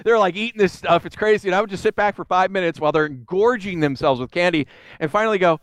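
Man, high-pitched, casual animated preacher, dry close sound. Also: fast talker, no room sound. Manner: animated storytelling, voices quotes. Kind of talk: conversational sermon.

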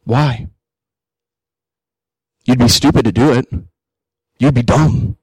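A man in his thirties preaching a sermon to his congregation, animated, with jokey asides and emphatic peaks. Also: mid-range voice, takes it slowly, slightly rough, no room sound, rough recording. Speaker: pastor. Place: church hall.

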